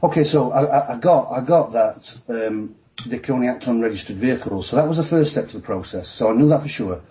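A man with a Yorkshire accent and a mellow, warm voice tells stories as a guest on a live stream. He gets excited, speeds up and trips over his words, restarting his sentences again and again. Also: mid-range voice, slight background noise, poor audio. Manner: rushed, excitable, talks fast with many restarts. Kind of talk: casual storytelling on a live stream.

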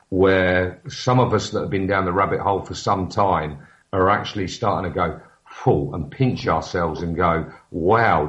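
A man, a radio show guest, talking earnestly over an internet call, hesitant with many restarts and fillers. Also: low voice. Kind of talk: casual chat over a call. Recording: dull, muffled call line.

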